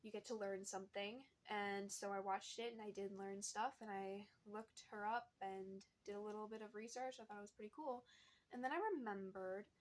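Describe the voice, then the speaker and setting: A woman's voice: mid-range voice, fairly even intonation, normal speed. A young woman chatting casually about what she's reading, rambling along with lots of fillers and small laughs. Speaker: book vlogger. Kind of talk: casual book chat.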